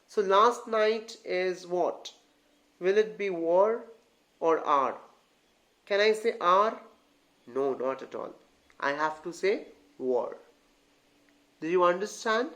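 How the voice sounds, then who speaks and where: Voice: medium pitch, lively intonation, takes it slowly, pauses often, a bit bright. An English tutor giving an online lesson, who keeps asking the viewers whether they follow, often calls them guys and repeats or restarts phrases while explaining. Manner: addresses learners as guys.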